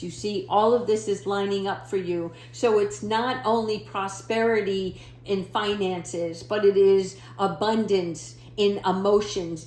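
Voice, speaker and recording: A woman's voice: mid-range voice, roomy sound. A woman giving a casual, encouraging tarot reading to her viewers, often checking in with "okay?". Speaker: tarot reader.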